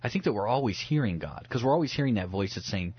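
A man's voice: fairly low pitch, expressive, fast, breathy edge, dry recording, lo-fi sound. A man speaking as a pastor guest on a radio talk show, earnest and reflective, often restarting his words as he thinks aloud. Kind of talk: radio talk about the Bible.

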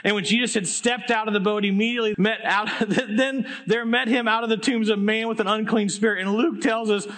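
High-voiced man preaching a lively sermon. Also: fairly quick, hardly any pauses. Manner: animated storytelling, casual slang. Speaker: pastor.

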